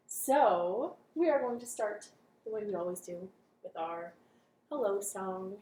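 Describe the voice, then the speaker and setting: A woman's voice: mid-range voice, animated, unhurried, vocal fry, long pauses, a little mellow, echoey room. A young woman leading a cheerful children's storytime from her living room, chatting and singing simple songs.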